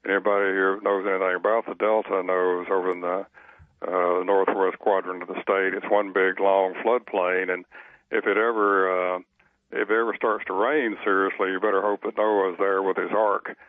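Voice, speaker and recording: A man's voice: deep voice, level tone, moderate pace, no room sound. An older man with a Southern US accent, a guest author telling stories in a folksy, hesitant way. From Southern United States. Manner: folksy, hesitant with many uhs. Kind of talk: casual interview chat. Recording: tinny phone line.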